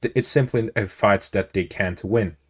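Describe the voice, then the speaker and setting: A man delivering a spoken news analysis update in a steady, measured way. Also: fairly low pitch. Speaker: news commentator.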